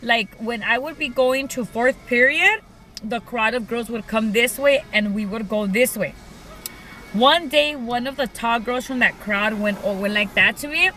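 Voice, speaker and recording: A woman's voice: on the high side, measured pace, sharp tone, rough recording. A young woman casually telling a personal story to her viewers, chatty and full of "like" and "you guys". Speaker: vlogger.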